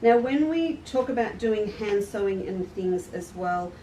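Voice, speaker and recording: A woman's voice: mid-range voice, animated, a little slow, mellow. A woman hosting a live quilting stream, talking in a chatty, friendly way and laughing at herself. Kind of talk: casual live demonstration talk. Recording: roomy echo, distant mic, faint noise.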